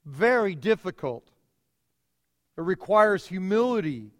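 A middle-aged male pastor preaching a sermon, emphatic, with dramatic pauses and repeated phrases. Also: high voice, very animated, in a large hall.

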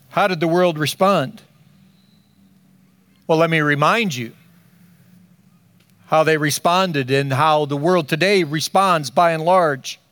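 An older man preaching a sermon, slow and emphatic, with dramatic pauses between phrases. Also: a little high, fairly bright tone, dry recording. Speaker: pastor.

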